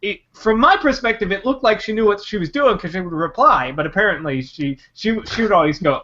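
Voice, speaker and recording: A man's voice: high voice, animated, fast talker, hardly any pauses, sharp tone, highs cut off. A man on a casual podcast telling a rambling family travel anecdote with many fillers. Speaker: podcast co-host. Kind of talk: casual chat.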